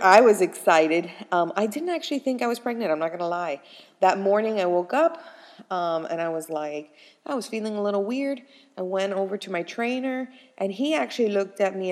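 A woman's voice: medium pitch, in a large hall. Chatty young woman telling a story. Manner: chatty, animated, laughs often, lots of "like". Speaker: vlogger. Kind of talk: casual storytelling to viewers.

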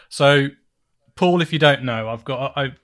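A man's voice: mid-range voice, slow, a bit bright. Rambling man reviewing films. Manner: rambling, self-mocking, laughs often. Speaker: podcast host reviewing films. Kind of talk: casual chat.

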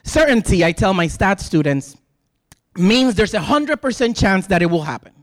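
An impassioned sermon from a Puerto Rican-accented man in his thirties whose first language is Spanish. His voice swings widely in pitch as he leans on rhetorical questions and emphatic repeats. The sound is dry and close, with no room around it. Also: big pitch swings, moderate pace, no echo. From Puerto Rico. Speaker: lay preacher addressing a congregation.

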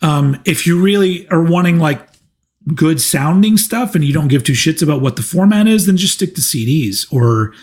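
Casting: man in his 40s, livestream host, loose and profane storyteller, voice sits a bit high. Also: lively intonation, moderate pace, a little mellow. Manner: rambling, profane, storytelling with restarts. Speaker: channel host. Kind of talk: casual livestream Q&A.

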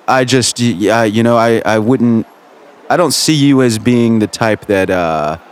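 A male radio host questioning a caller with incredulous, hesitant stammering. His voice sits at an ordinary middle pitch and stays plain and conversational. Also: measured pace, clean tone. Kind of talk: comedic call-in interview.

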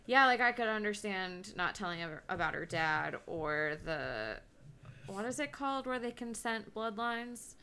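Bright, gravelly woman co-host chatting. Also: mid-range voice, measured pace. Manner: relaxed, agreeing, loose filler-laden talk. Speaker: podcast co-host. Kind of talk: casual chat.

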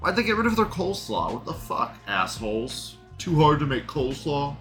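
Sarcastic, lively-voiced male commentator. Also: fairly high pitch, moderate pace, faint music behind. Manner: sarcastic, profane, laughs often. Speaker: live show host. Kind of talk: casual commentary monologue.

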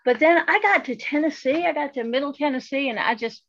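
A woman's voice: high voice, brisk, a bit bright, no room sound. A woman with a Southern Appalachian accent, co-hosting a casual chat, outspoken and wry about how she talks. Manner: outspoken, wry, switches to a careful presenter voice. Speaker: podcast co-host. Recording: dull lo-fi sound.

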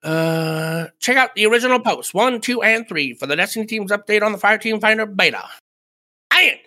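A man co-hosting a gaming podcast, joking and laughing between lines of update notes. His voice sits high and bright. It swoops lively up and down as he talks. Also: normal speed. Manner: playful, joking, laughs often. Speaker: podcast co-host. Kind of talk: casual gaming podcast chat, reading update notes aloud.

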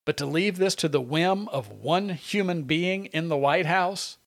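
A man with a somewhat raised pitch hosts a political talk show. He talks in an animated, sarcastic way, leaning hard on his points. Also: a little slow. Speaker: radio talk show host. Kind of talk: opinionated political commentary.

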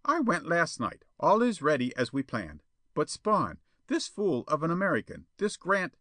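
A man voicing a peevish, pleading male suitor with a Spanish-speaking manner, in a high, strident, whining voice. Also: huge pitch swings, a little fast, fairly bright tone, dry recording, exaggerated voice.

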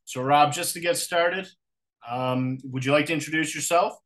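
A man's voice: on the high side, moderate pace, a bit bright. A man hosting a recovery podcast, opening the show and guiding a guest in a friendly, informal way. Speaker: podcast host.

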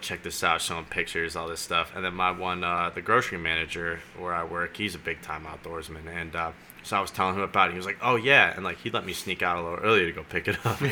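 A young man tells a story on a podcast in an animated way, playing both sides of his phone calls with real flair. His voice sits a little low, but its tone is very bright and sharp. A faint hiss runs underneath. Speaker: podcast guest. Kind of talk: casual storytelling.

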